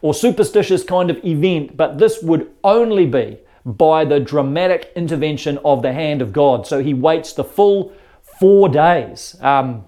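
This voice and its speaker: Pastor guy giving a sermon, fairly high but mellow voice, chatty and earnest. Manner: earnest, conversational storytelling with repeated words.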